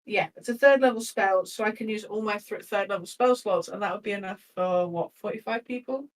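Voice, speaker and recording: A woman's voice: medium pitch, brisk, recorded from a distance, poor audio. Laughing woman player a bit off-mic. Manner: chatty and swearing, laughing often. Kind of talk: playing a tabletop game.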